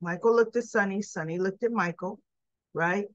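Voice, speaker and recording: A woman giving a casual recap of a soap episode, retelling scenes with lively asides and slipping into the characters' lines. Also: medium pitch, normal speed, no room sound, dull audio. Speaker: soap opera recap vlogger.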